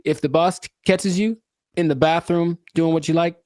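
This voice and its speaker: A man's voice: on the high side, steady tone, normal speed, darkish tone, dry recording, clean studio sound. A young man co-hosting a podcast, chatting casually and joking, often trailing off and restarting his sentences. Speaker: podcast co-host. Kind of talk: casual chat.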